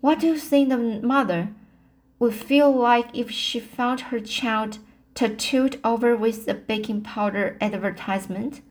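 A sensitive, dramatic young woman student, as a woman reads her aloud. She speaks slowly and haltingly, repeating words now and then. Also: a little high, close to an everyday voice. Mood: distressed.

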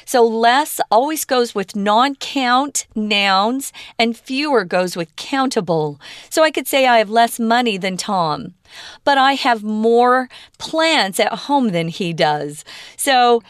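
A woman's voice: a little high, lively intonation, takes it slowly, clear, resonant tone, dry recording, studio quality. A woman who explains English words and grammar patiently, with the odd filler. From United States. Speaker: English teacher.

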